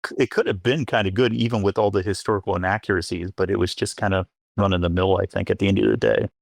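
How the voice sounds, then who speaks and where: Low, gravelly-voiced man guest. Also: steady tone, quick pace, dry recording, clean studio sound. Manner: hedging, thinks aloud with many fillers. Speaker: archaeologist guest. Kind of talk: casual podcast discussion.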